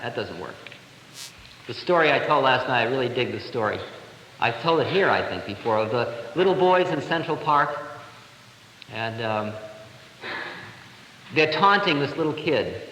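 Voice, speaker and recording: Man, spiritual teacher, bright voice, big swings in pitch, reverberant hall, faint hiss. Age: 30s. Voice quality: lively, expressive storytelling. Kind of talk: spiritual talk to an audience. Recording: echoey hall, 1970 live recording, faint hiss.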